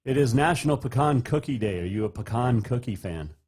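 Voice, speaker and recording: A man's voice: medium pitch, expressive, fairly quick, a little mellow, slightly rough. A male radio host interviewing a coach with casual, chatty questions.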